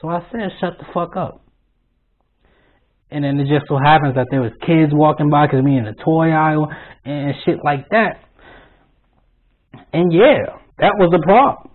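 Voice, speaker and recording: A young man telling a work story on his channel, blunt and animated, swearing constantly. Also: a little high, normal speed. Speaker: vlogger. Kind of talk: profane storytime rant. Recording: tinny lo-fi phone-like sound.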